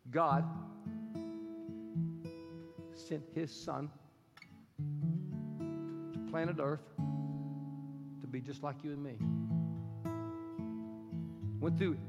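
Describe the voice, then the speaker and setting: A man preaching a sermon as a pastor, swinging from loud, soaring lines to hushed whispers. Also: a little high, steady tone, drawn-out words, creaky, long pauses. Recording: reverberant hall with music underneath. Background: soft guitar music.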